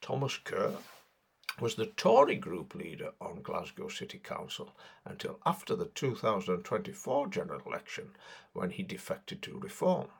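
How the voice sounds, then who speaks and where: Gravelly man in sarcastic satirical commentary. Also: low voice, normal speed. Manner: mocking, sarcastic delivery with lively swings.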